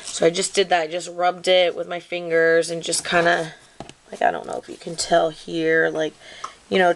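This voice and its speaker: A fairly low, slightly bright female voice belongs to a craft video maker casually showing her scrapbook project. She rambles, leans heavily on "like" and "um," and apologizes for filming mishaps.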